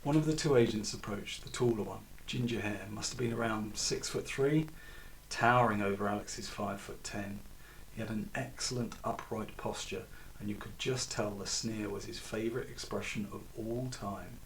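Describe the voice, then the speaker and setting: A man's voice: lowish voice, moderate pace, slight background noise. A man reading his own novel aloud with wry, chatty asides. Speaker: author reading own book. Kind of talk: audiobook narration. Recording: distant mic.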